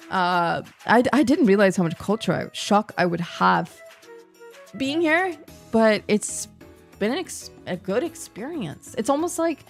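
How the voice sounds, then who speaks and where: A woman streamer chats casually in slang. Her talk is animated and jumps from topic to topic. Faint music plays underneath. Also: mid-range voice. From New Zealand. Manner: chatty, slangy, animated, jumpy. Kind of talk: casual chat.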